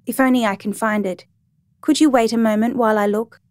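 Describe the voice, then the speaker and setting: Woman reading as a grieving young mother, gentle, apologetic, soft subdued voice, dry recording. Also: a little high, fairly even intonation, brisk, no echo, lightly acted. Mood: sorrowful.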